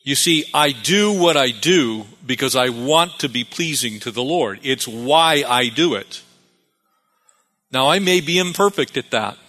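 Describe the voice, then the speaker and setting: A man's voice: medium pitch, expressive, measured pace, pushed and bright, faint music behind. A man preaching a sermon as pastor, calling for amens and repeating phrases for emphasis. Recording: long reverb of a hall.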